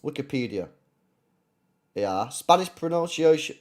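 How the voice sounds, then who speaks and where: Animated, foul-mouthed football streamer. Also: male voice, a little high, normal speed. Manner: animated, blunt and profane, repeats himself. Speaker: football channel host. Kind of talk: casual livestream chat.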